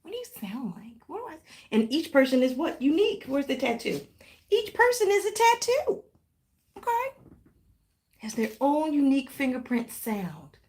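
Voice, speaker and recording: A woman hosting a live tarot reading, talking warmly and directly to her viewers with pet names and playful exclamations. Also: sits high, moderate pace. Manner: affectionate, animated, talks directly to viewers. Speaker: tarot reader.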